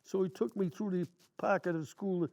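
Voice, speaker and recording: Old man, nineties, veteran, high voice, gravelly, rambling storyteller. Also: fairly even intonation, moderate pace, a little mellow. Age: 90s. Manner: plain, rambling storyteller with colloquial grammar. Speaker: WWII veteran interviewee. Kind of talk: telling war stories in an interview.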